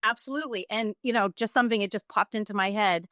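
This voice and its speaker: A middle-aged woman, a yoga teacher and bodyworker, guesting on a podcast and telling stories in an animated way. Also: mid-range voice, fast talker, dry recording, clean studio sound. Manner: animated storytelling, acts out quoted clients. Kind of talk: casual conversational interview.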